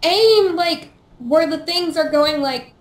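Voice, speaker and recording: A woman's voice: sits high, moderate pace, fairly bright tone. A woman playing a game with a friend, teasing her and swearing casually. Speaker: gaming co-player. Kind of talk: casual gaming chat. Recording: echoey room with faint noise.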